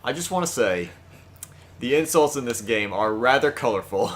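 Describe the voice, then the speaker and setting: A man's voice: medium pitch, lively intonation, a little hiss or hum. A man giving casual, sarcastic commentary while playing a video game. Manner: sarcastic, quick asides. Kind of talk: casual let's-play commentary.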